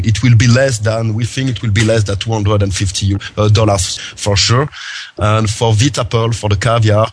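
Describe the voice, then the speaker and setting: A man with a French accent speaks English as his second language. His voice sits a little low. He is a guest on a podcast interview, talking haltingly and often repeating words before he finds the phrase. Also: darkish tone, a little hiss or hum. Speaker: guest, company representative.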